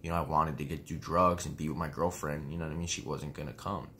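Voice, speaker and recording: Low-voiced rambling young man. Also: steady tone, fast, fairly bright tone, slight background noise. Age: 20s. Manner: rambling, keeps saying "you know what I mean", swears. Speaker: vlogger. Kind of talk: casual storytelling.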